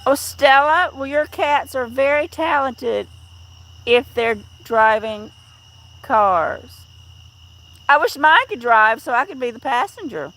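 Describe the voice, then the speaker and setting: Middle-aged lady rambling on a live stream outside, gravelly voice, crickets in the background. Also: high voice, lively intonation, slow pace, fairly bright tone. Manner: chatty, rambling, greets viewers by name. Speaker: livestream host. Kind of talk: casual live stream chat outdoors.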